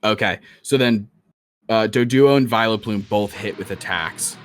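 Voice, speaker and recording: A man's voice: lowish voice, measured pace, faint music behind. A young man narrating a tabletop game as dungeon master, loose and casual. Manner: loose, casual, many fillers.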